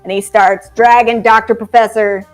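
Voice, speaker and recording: A young woman narrating as game master of a tabletop game, halting with ums and breaking into laughs. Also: a little high, little pitch movement, music in the background.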